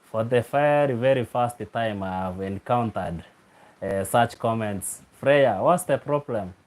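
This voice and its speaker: A man's voice: mid-range voice, unhurried, a little mellow. A man hosting a live stream, chatting casually with viewers, teasing a commenter, laughing often and repeating names.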